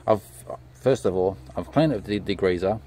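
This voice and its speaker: A man with a fairly low voice talks through a car repair step by step, relaxed and unhurried, with many "uh" fillers. His voice drops quieter when his hands are busy. A faint hiss of noise sits under the voice. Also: poor audio. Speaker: DIY car mechanic. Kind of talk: casual how-to commentary.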